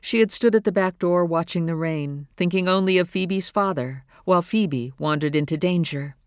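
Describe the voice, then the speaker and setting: A woman narrating a novel in a steady, measured reading voice. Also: fairly low pitch, clear, resonant tone, dry recording, clean studio sound. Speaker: audiobook narrator. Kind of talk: scripted narration.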